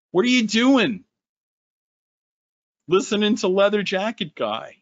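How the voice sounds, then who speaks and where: A man who founded a company, running a sales webinar in an animated, sarcastic way. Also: no room sound, lo-fi sound. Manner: animated, sarcastic, quick swings in pitch.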